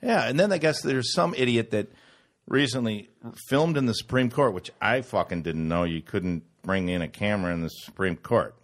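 A man telling stories in casual chat, swearing and yelling out mock impressions. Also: on the low side, moderate pace. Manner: animated storyteller, swears, yells in mock impressions.

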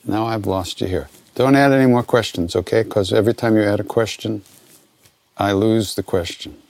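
An older American man with a gravelly voice, answering questions as a spiritual teacher in a relaxed, conversational way that often trails off and restarts. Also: fairly low pitch, normal speed, no echo. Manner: relaxed, conversational, self-interrupting. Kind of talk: informal spoken Q&A teaching.

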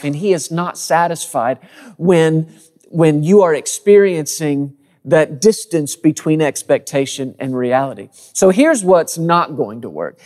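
An earnest man in his thirties delivers a conversational sermon, his slightly higher voice circling back on words as he builds each point. A long reverb trails behind him, as if he were in a large hall. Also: darkish tone. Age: 30s. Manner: earnest, conversational preaching with frequent word repeats. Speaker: pastor.

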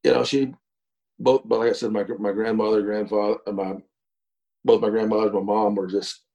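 Mellow-voiced storyteller. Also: male voice, lowish voice, flat delivery, creaky, rough recording. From East Texas. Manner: unhurried, folksy yarn-spinner with frequent fillers and chuckles. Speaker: guest, former pro baseball pitcher. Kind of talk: casual storytelling interview.

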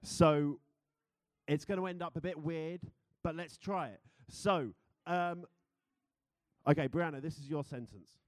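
A man's voice: on the high side, unhurried. A young British man preaching a sermon, playful and chatty, who laughs easily and leads the congregation in a game. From Britain. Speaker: pastor.

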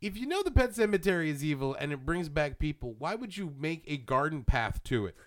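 A man chats on a podcast with a high, lively voice that swings widely in pitch. His talk is animated and profane, full of quick riffs. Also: slight background noise. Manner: animated, profane, laughs while riffing. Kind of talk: casual podcast chat.

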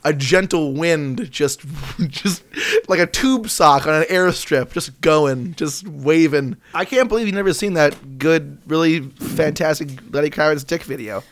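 A man's voice: a little high, a little slow. Rambling, crude man cracking jokes. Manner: crude, rambling, playful, laughs a lot. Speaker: podcast co-host. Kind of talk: casual comedy podcast chat.

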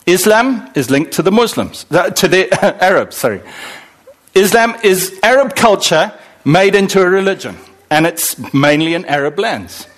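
A man preaching a sermon to a congregation, conversational and animated, joking with his listeners. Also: high-pitched, moderate pace.

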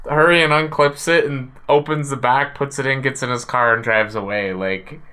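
Man, podcast co-host, bright tense voice, excitable, rambling, many fillers. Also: mid-range voice, moderate pace, clear, resonant tone. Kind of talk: casual chat.

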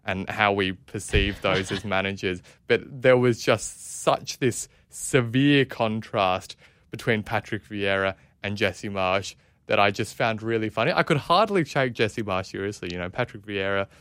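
A man's voice: on the low side, unhurried, fairly bright tone, clear, resonant tone, dry recording, clean studio sound. A man co-hosting a casual football podcast, wry and self-mocking, rambling a little as he talks. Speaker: podcast co-host.

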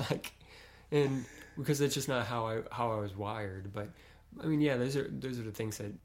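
A man's voice: mid-range voice, normal speed, a little hiss or hum. A man from Kentucky in casual conversation, easygoing and full of filler phrases. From Kentucky, USA.

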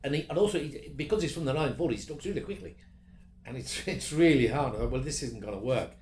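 A middle-aged voice actor, chatting in an interview in a self-deprecating way, laughing often. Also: male voice, a little high, animated, fast talker, darkish tone, slight background noise. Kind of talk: casual interview chat. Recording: roomy echo.

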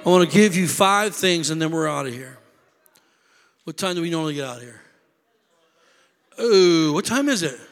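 A man preaching a sermon as pastor, building into shouted preacherly crescendos. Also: a little high, lively intonation, moderate pace, long pauses, long reverb tail, soft background music. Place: church sanctuary.

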